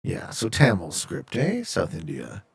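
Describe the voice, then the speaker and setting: A male streamer from Canada chatting casually with his viewers while he plays. His voice is gravelly and a little husky, and his pitch swings up and down a lot. He reads chat messages out loud and cracks jokes in reply. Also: huge pitch swings, a little slow. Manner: jokey, reads viewer chat aloud and answers.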